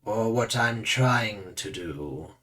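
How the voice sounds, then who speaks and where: A man voicing a cold, vain male vampire emissary who speaks slowly, in a hushed and deliberate way. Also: lowish voice, lively intonation, heavily acted. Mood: cool.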